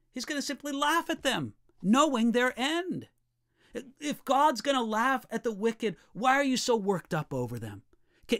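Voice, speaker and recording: A man preaching a sermon, reading scripture slowly and asking the listeners rhetorical questions. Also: high voice, a bit bright.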